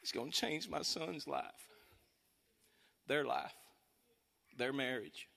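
East Texas preacher man, high voice. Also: lively intonation, slow pace, vocal fry. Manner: storytelling, bursts into shouting praise. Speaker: singing preacher. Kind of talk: sermon testimony.

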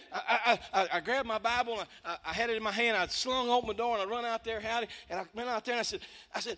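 East Texas preacher man, high voice. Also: fast talker. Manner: storytelling, bursts into shouting praise. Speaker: singing preacher. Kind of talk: sermon testimony.

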